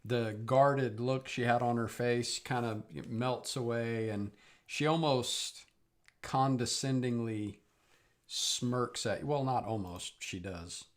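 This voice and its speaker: A man's voice: mid-range voice, slow. A man narrating as game master of a tabletop game, hesitant, with many fillers.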